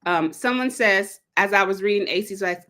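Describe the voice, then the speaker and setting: A woman hosting a live read-along, chatting casually and digressing, acting out quotes with big leaps in pitch. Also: moderate pace, pushed and bright. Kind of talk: casual livestream talk.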